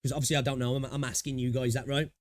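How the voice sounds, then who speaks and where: In level tones and at a racing speed, a man with a mid-range voice livestreams his reaction to a video. The commentary is casual: he thinks out loud, wanders off on tangents, laughs easily, and keeps asking "right?".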